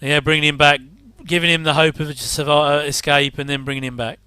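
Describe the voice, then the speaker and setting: A middle-aged man chats his way through an old episode, full of wry asides and quick chuckles. His voice sits a little high, bright and crisp. It is recorded dry and close. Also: flat delivery, dry recording. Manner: chatty, rambling asides, wry jokes and chuckles. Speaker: commentator reacting to an old TV episode. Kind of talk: casual watch-along commentary.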